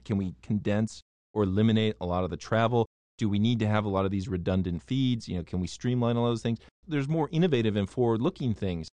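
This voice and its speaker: A man from the United States debating on a casual talk show, animated and emphatic, often restarting his words. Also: lowish voice, no room sound.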